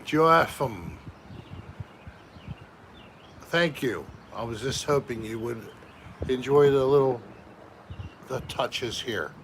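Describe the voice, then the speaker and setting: A man's voice: mid-range voice, lively intonation, slow, pauses often, a bit bright, a little hiss or hum. A man hosting a casual live stream from home, chatting with viewers and reading out their names one by one. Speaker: livestream host.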